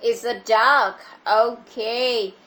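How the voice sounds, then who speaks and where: A woman's voice: fairly high pitch, steady tone, extremely slow, pushed and bright. A woman with a Vietnamese accent teaching a child English over a video call, patiently repeating her questions. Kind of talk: online English lesson for a child.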